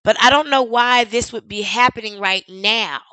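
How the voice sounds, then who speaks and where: High, bright-voiced sarcastic woman streamer. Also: moderate pace, smooth, no room sound, low-quality recording. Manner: sarcastic, rhetorical questions, blunt and profane. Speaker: streamer reacting to a news clip. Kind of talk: live-stream reaction commentary.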